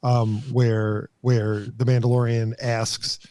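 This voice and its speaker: A man co-hosting a podcast, explaining at a measured pace with frequent fillers. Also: medium pitch, level tone, mellow, no echo, studio quality. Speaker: podcast co-host. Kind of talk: casual chat.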